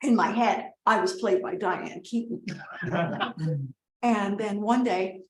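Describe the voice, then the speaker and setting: In a comedic monologue, an actress portrays a middle-aged mother whose rambling, chatty wedding toast keeps stopping so she can scold and coax her relatives. She has a natural, mid-range voice and takes it slowly. The recording carries a roomy echo and a faint hiss or hum.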